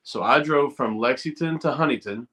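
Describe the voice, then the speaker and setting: Brief: middle-aged man, guest on a video call, bright forceful voice, animated storyteller. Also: medium pitch, moderate pace. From Eastern Kentucky. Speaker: guest, former college football player. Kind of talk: storytelling in a podcast interview.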